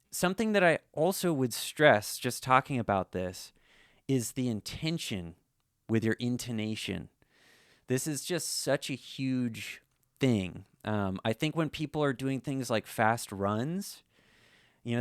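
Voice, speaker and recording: A man's voice: mid-range voice, clean tone, no echo, clean studio sound. A man giving a casual, conversational guitar lesson, full of "you know" fillers. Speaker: slide guitar teacher.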